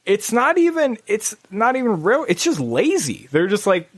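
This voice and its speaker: A man co-hosting a gaming podcast, telling a rambling story in casual chat with lots of restarts and sudden jumps in pitch. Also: very animated, normal speed, hardly any pauses, no echo. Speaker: podcast co-host. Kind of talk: casual chat about video games.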